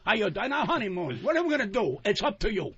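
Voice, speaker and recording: A man's voice: sits high, very animated, quick pace, a bit bright, slight background noise. An older man, a guest comedian on a radio talk show, ranting in a hostile, profane, combative way. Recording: muffled radio broadcast.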